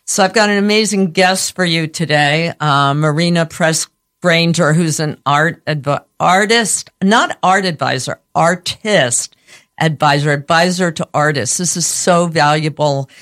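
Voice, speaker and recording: A woman with a raspy voice hosts a loose, chatty radio show. Her talk rambles, breaks off mid-sentence and restarts, with a slight lisp on some sounds. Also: deep voice, fairly even intonation, unhurried, fairly bright tone. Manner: slightly lispy speech.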